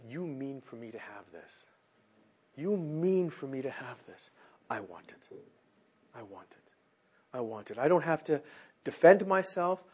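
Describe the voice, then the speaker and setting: A man preaching a sermon and leading prayer before a congregation in church. He exhorts earnestly, dropping to soft, near-murmured phrases and then rising again. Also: a little high, husky.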